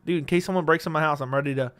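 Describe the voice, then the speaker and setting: He's a livestream host with a high-ish, slightly bright voice, racing through his words. Sitting at home with a studio dynamic mic, he reads viewer messages in a laid-back way, swearing as he pleases.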